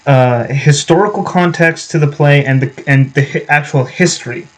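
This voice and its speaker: A man's voice: fairly high pitch, moderate pace, rough recording. A young man vlogging casually, rambling with many fillers and restarts. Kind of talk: casual vlog talk.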